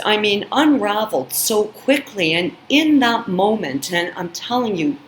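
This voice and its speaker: A woman hosting her own channel, telling a personal story in an emphatic way, full of "you know" and "I mean". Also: lowish voice. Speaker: channel host. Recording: echoey room with faint background noise.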